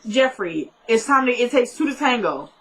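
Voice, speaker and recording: A woman's voice: a little high, expressive, moderate pace, rough recording. A woman casually recapping a TV episode in a chatty, opinionated way, talking back to the characters as she goes. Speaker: TV recap vlogger.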